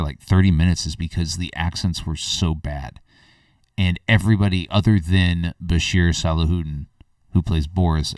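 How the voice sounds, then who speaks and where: A man's voice: sits low, darkish tone, no room sound, studio quality, distant mic. A man hosting a podcast, giving a blunt, rambling movie review with lots of fillers and restarts. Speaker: film reviewer, podcast host. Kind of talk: casual spoken movie review.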